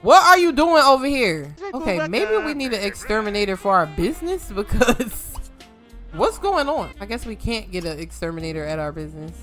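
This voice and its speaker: Bright-voiced woman joking through a game. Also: medium pitch, moderate pace, soft background music. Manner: animated, joking, swears freely, scolds game characters. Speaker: gaming streamer. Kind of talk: casual let's-play commentary.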